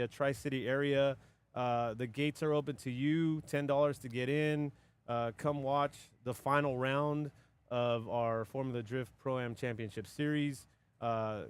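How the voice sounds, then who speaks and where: A man's voice: mid-range voice, smooth. A man commentating and judging a live drift event, rambling casually with many restarts.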